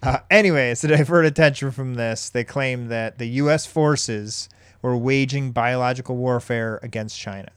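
Smooth-voiced man telling a story casually. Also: mid-range voice, normal speed, no echo, studio quality. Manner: rambling, with many ums and restarts. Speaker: podcast host.

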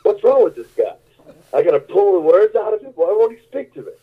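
A man's voice: sits high, very animated, brisk, breathy edge, pitched above the performer's own voice, full character voice. A man imitating an exasperated, incredulous male TV morning host in a raised voice, over a tinny phone-like line.

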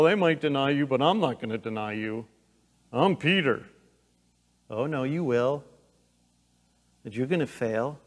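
Man, middle-aged, pastor, earnest sermon, slow deliberate delivery, long hall echo. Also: fairly high pitch. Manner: earnest, emphatic preaching that swings between loud urgency and hushed intensity.

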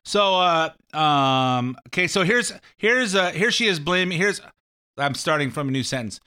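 Bright-voiced male talk host. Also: fairly high pitch, animated, normal speed. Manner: rambling, sarcastic, mimics catchphrases. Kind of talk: casual political commentary.

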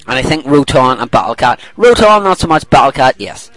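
A man's voice: mid-range voice, very animated, a little fast, fairly bright tone, no echo, poor audio. Rambling middle-aged male podcast host. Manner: rambling, laughs often, self-correcting. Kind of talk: casual chat, reading a listener email aloud.

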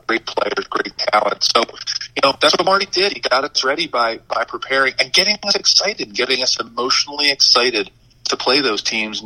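A man in his fifties, a former football player and guest, telling animated anecdotes in a casual interview with many "you know" fillers. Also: mid-range voice, rough recording.

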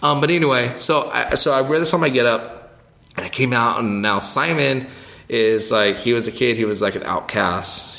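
A man co-hosting a church ministry podcast, telling a story in a rambling, animated, casual way. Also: on the low side, gravelly. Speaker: children's ministry co-host.

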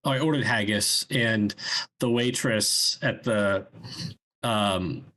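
A man co-hosting a casual podcast chat, rambling and halting, with a lot of restarts and fillers. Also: on the low side, pushed and bright, poor audio. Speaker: podcast co-host.

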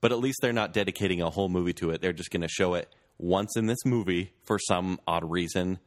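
Man, low voice, casual podcast talk, rambling, laughs easily. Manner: chatty, rambling, quick to laugh. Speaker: podcast co-host. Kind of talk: casual chat.

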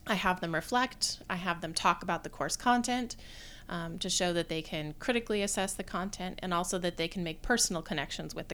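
Woman academic guest, low-ish smooth voice, reflective, unhurried delivery. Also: fairly bright tone. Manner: thoughtful, measured, frequent um fillers. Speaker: guest, theatre design professor. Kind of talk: conversational podcast interview.

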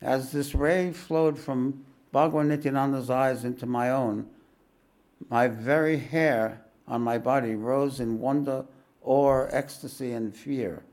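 A man with a gravelly, creaky edge to his voice reads a spiritual memoir aloud at a mid pitch. He keeps a measured, unhurried delivery. Between passages he adds calm explanatory asides in the manner of a teacher addressing his students. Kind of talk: reading a spiritual autobiography aloud with commentary.

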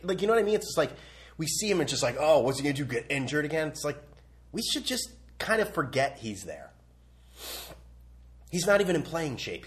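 A young man hosting a sports podcast, rambling and sarcastic in a casual opinion rant, blunt and full of restarts. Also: mid-range voice.

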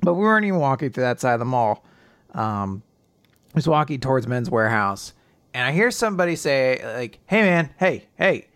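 A grieving man co-hosting a podcast, talking casually in a subdued, halting way with nervous laughs. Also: medium pitch, big pitch swings, a bit bright, clear, resonant tone, dry recording, studio quality. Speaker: podcast co-host.

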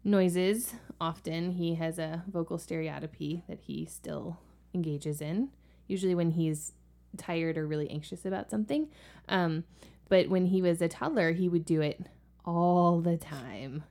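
A woman's voice: fairly low pitch, unhurried, creaky, warm tone. A woman co-hosting a podcast and telling family stories in a casual, chatty way, with lots of likes and ums. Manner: chatty, filler-heavy, many likes and ums. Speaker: podcast co-host and parent. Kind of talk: casual conversational storytelling.

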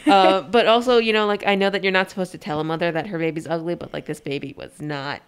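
A woman's voice: on the low side, fairly even intonation, quick pace, smooth. A young woman co-hosting a casual podcast, recapping a movie with dry, sarcastic asides. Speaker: podcast co-host.

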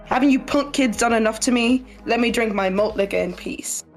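Woman playing a grumpy drunk old hermit, gruff grumbling, tabletop game character, faint music underneath. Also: on the high side, brisk, natural voice.

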